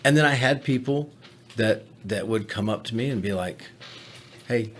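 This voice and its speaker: A man speaking as a podcast guest in casual chat, candid and self-deprecating, with halting restarts. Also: fairly low pitch, slight background noise.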